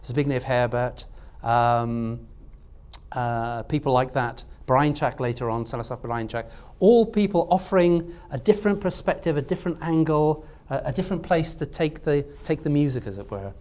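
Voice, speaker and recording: A man's voice: mid-range voice, normal speed, darkish tone. A man speaking as a literary scholar on a university panel, talking in a hesitant way with many fillers and restarts. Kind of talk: academic panel discussion. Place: lecture room at a university event.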